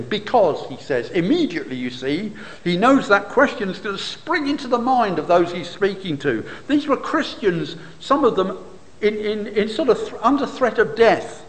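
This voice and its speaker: Animated high-voiced man preaching a sermon. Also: normal speed. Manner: expository, rhetorical questions, occasional fillers. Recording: reverberant hall.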